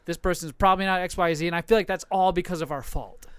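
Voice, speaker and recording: A man's voice: sits high, racing, clean tone, dry recording. A man co-hosting a casual podcast, full of provocative, swearing banter and frequent laughter. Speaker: podcast co-host.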